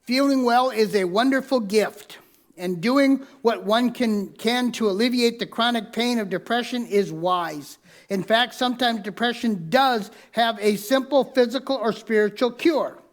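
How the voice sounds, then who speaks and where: A male pastor with a notably high voice delivers a sermon in a church. He teaches from notes, repeats his main points for emphasis and tells listeners to circle or underline words. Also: a little slow. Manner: repeats key lines for emphasis. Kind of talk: sermon with personal story. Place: church sanctuary.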